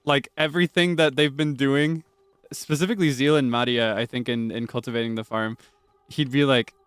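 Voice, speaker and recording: A man streaming live gameplay commentary, excitable and chatty, laughing often and swinging between hushed asides and high squeals of delight. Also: normal speed, smooth, no echo.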